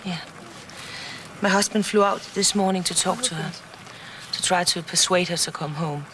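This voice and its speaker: A woman's voice: fairly low pitch, moderate pace, a bit bright, lightly acted, poor audio. An actress as an anxious, earnest mother. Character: worried mother of a runaway daughter. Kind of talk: 1990s TV soap acting. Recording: old TV clip with faint noise.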